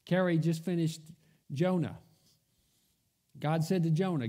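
A man's voice: fairly high pitch, unhurried, mellow. A man preaching a sermon, telling the story in a storytelling manner, acting out the quoted voices and dropping almost to a whisper for emphasis. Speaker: pastor. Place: church.

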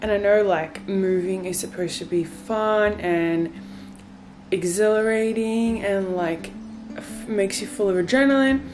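A young woman vlogging to her viewers from a bright white bedroom, talking candidly and a little wearily as if on a casual video chat. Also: medium pitch, measured pace. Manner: tired, candid and rambling. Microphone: phone camera, close. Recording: faint guitar music underneath.

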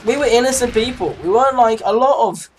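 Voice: mid-range voice, quick pace, slight background noise. Teen gamer with an English accent, mid-range voice, rambling chatty commentary over gameplay. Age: late teens. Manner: rambling, chatty, giggly asides. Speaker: gaming channel host.

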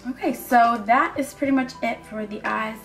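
Young woman chatting through a makeup voice-over, upbeat and casual, slightly high voice, light music behind. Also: normal speed. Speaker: makeup tutorial narrator. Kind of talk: voice-over tutorial narration. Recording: voice-over with soft background music.

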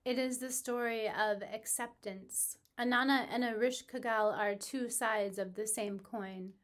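Her voice a little high, a woman working as a spiritual teacher relays a myth in a calm, measured way. She softens and slows for the solemn moments.

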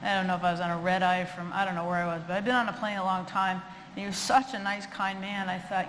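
In a low-leaning, fast voice, a middle-aged woman who trains dogs gives a lecture in a lecture hall, full of funny stories. She's animated and chatty, acting out quoted voices, and the recording carries the echo of the hall plus faint noise.

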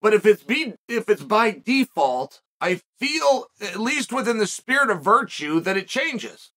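A man's voice: sits high, sing-song, a little slow, fairly bright tone. A middle-aged man hosting a podcast, delivering a reflective commentary monologue full of rhetorical questions and restarts. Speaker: podcast host.

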